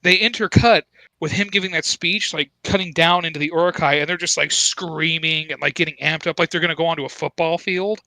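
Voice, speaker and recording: A man on a casual review podcast with a tense, bright voice that sits a little high. He is lively and jokey and laughs a lot, recorded dry and close to the mic. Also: fairly quick, dry recording, low-quality recording. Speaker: podcast co-host.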